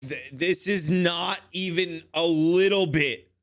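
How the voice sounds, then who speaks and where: A man reacting to an anime episode in casual commentary, excitable and swearing, exclaiming at the screen. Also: on the high side, takes it slowly.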